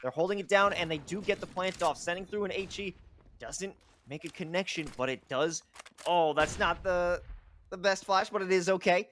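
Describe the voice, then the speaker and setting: A man calling live esports play-by-play, excitable, pushing his voice up on big plays. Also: sits high, normal speed, slight background noise. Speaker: play-by-play caster.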